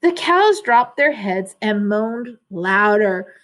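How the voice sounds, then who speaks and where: A woman reading a children's storybook aloud, pausing to explain words and ask the listeners questions. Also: mid-range voice, expressive, fairly bright tone.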